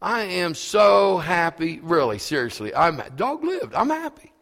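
A man's voice: sits high, very animated, unhurried, creaky, fairly bright tone. A man preaching a sermon as a pastor, telling a homespun story and building to fervent, emphatic preaching. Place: church. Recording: reverberant church hall.

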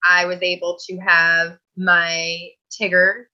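A woman's voice: lowish voice, level tone, takes it slowly, pushed and bright, lo-fi sound. A woman guest telling a personal story in a chatty, earnest way that often breaks into laughter.

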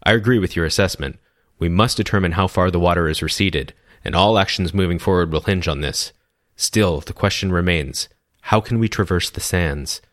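A man voicing a weary, commanding male chieftain in a storybook reading, in a measured, authoritative way. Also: low voice, no echo, studio quality, close to an everyday voice. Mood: stern.

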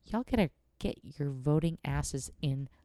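A woman's voice: low voice, lively intonation, a little slow, warm tone, no room sound. A young adult woman hosting a podcast, rambling playfully in casual solo chat and giggling between thoughts, close on the mic. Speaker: podcast host.

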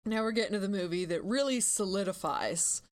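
A woman co-hosting a podcast, recapping a film's plot in a relaxed, conversational way. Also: mid-range voice, brisk. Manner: relaxed, recapping plots in plain storytelling. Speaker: podcast co-host. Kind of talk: casual film recap.

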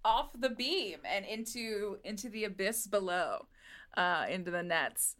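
A woman running a tabletop game as game master, narrating scenes in a relaxed way with small restarts. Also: medium pitch, unhurried.

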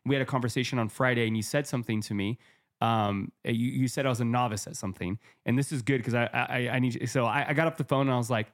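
Man, podcast co-host, mid pitch, energetic, conversational, casual chat. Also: quick pace. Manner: energetic, conversational, uses sports comparisons.

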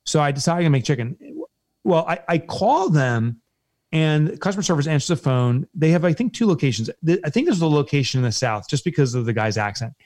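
A man's voice: fairly high pitch, expressive, a little fast, a little mellow, no room sound. A man co-hosting a casual business chat, telling an upbeat story with lots of energy. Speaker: business co-owner, podcast host.

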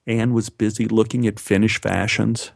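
A man's voice: normal speed, vocal fry, dry recording. Dry, close male storyteller. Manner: animated, lifting his pitch for quoted dialogue. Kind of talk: first-person storytelling.

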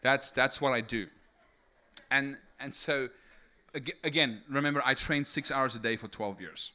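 Young man from South Africa, testimony sermon, bright forceful voice, keeps checking in with the crowd. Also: mid-range voice, a little slow. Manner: energetic storytelling with many rhetorical "right?" tags. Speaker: speaker giving testimony. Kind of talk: sermon testimony to a live audience.

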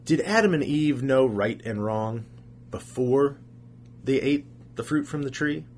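A man's voice: medium pitch, animated, unhurried, a little mellow. A man preaching a sermon as a pastor, earnest, asking rhetorical questions and repeating phrases for emphasis.

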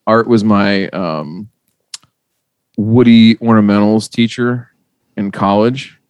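A man hosting a podcast, telling stories in a casual, profane, animated way. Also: lowish voice, slow, clear, resonant tone, dry recording. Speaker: podcast host. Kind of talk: casual chat.

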